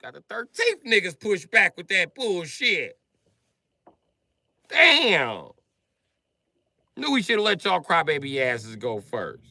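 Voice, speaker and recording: Animated, profane comedian man, bright voice. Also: high-pitched, takes it slowly, gravelly, long pauses, no room sound, clean studio sound. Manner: animated, profane, jumps between shouting and mumbling. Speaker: livestream comedian. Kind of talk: comedic rant with acted-out voices.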